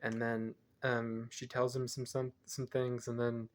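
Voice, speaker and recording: A man's voice: medium pitch, completely flat delivery, measured pace. A man reviewing a film, retelling its plot casually in a rambling way and often correcting himself. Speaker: movie reviewer.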